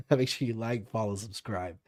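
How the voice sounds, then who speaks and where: A man's voice: fairly low pitch, unhurried, darkish tone. A young man on a podcast, telling a spooky story casually with lots of fillers and swearing. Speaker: podcast co-host.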